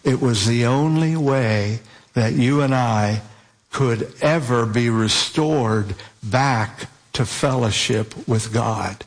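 A man preaching a sermon, slowing down to stress scripture quotes and repeated words. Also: medium pitch.

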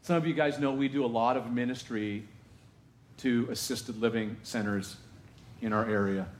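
A male pastor preaching a sermon to his congregation in a lively, conversational way, with asides to the room. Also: medium pitch, moderate pace, reverberant, slight background noise. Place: church sanctuary.

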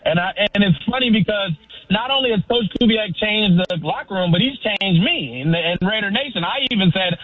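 Excited male caller on a tinny phone line. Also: sits high, a little fast, no room sound. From Sacramento, California. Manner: effusive, rambling, calls host brother. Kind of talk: excited sports call-in chat.

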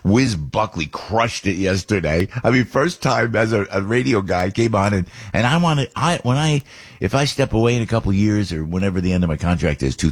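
A man hosting a radio talk show, rambling through stories in a loose, animated way and restarting his sentences often. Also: low-pitched, husky. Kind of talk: casual radio monologue.

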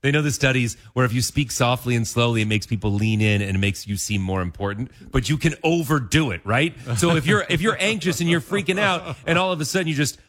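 A man co-hosting a radio show, animated and explanatory in casual banter. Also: mid-range voice. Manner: fast, animated, explains with playful voices. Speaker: radio co-host.

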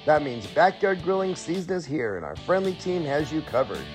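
A man's voice: a little high, sing-song, moderate pace, over music. A man voicing his own shop's radio ad, cheerfully listing products. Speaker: butcher shop owner. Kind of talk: radio ad read.

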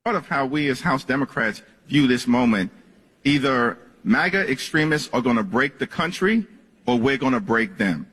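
Male politician at a podium: slightly husky, firm declarative delivery, heard with a lingering hall echo. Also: mid-range voice, lively intonation, moderate pace, fairly bright tone. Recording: reverberant hall.

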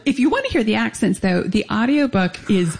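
Chatty woman author with a gravelly edge. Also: a little high, very animated, fairly quick, a little mellow. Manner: chatty, lots of "like" fillers. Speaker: author guest. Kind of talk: casual interview chat.

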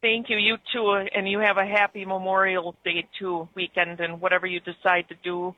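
A woman's voice: mid-range voice, flat delivery, normal speed, no echo. Midwest lady calling in to a radio show, rambling on, muffled dry phone sound. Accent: Upper Midwest. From Germany-born, raised in Wisconsin. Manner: chatty, rambling. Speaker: caller. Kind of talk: casual call-in chat.

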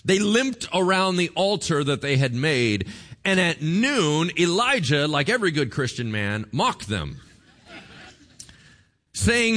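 A male pastor preaching a sermon in a lively, jokey, conversational way. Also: on the high side, takes it slowly.

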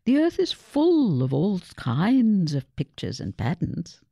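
Woman putting on a kindly old grandmother, gentle, slow, gravelly, storybook. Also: fairly low pitch, huge pitch swings, no echo, voice pushed up, full character voice. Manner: gentle, encouraging.

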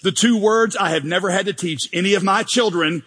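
A pastor gives a lively sermon in a bright, high voice with a husky edge, cracking jokes and acting out mock prayers. He talks a little fast, and his voice rings through a large church hall with long reverb.

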